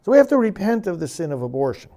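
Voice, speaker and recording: A man's voice: high-pitched, sing-song, fast talker, dark tone. A man who is a priest, giving a sermon and reading scripture with emphatic, dramatic force.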